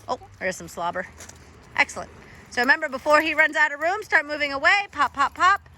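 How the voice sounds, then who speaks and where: A woman's voice: high voice, animated, brisk, sharp tone, a little hiss or hum. A woman dog trainer coaching a trainee in an encouraging, instructive way.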